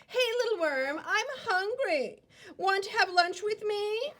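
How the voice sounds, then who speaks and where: A woman's voice: very high voice, lively intonation, takes it slowly, fairly bright tone, voice pushed up, full character voice. A woman voicing a hungry, sly little bluebird in a picture book, in a coaxing sing-song. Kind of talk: reading a picture book aloud.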